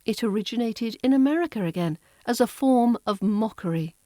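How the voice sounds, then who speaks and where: A woman with a Received Pronunciation accent, teaching as an accent coach in a scripted podcast, crisp and lightly playful as she draws out her example words. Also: a little high, lively intonation, brisk, few pauses, mellow, no room sound, studio quality. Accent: Southern English (RP).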